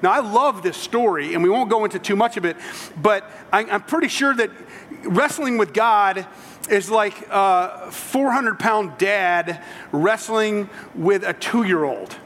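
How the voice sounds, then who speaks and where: A man's voice: high-pitched, unhurried, a bit bright, in a large hall. A man preaching a sermon, telling the story in a conversational way with humorous asides. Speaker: pastor.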